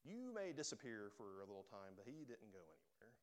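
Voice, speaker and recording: A man preaching a sermon to a church, emphatic and emotional, rising to loud pleas and dropping to soft, quiet lines. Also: on the high side, expressive, fast talker, hardly any pauses, clear, resonant tone. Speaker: pastor. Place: church sanctuary.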